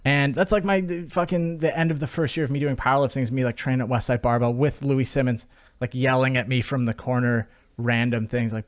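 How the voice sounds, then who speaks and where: A man's voice: mid-range voice, fast. A man from Canada hosting a podcast in casual chat, rambling with lots of fillers and swearing freely. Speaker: podcast host.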